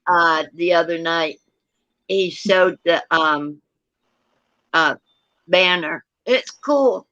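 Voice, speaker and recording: A guest chatting slowly and easily on a live video call. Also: medium pitch, sharp tone. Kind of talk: casual live-stream chat. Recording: muffled lo-fi call audio.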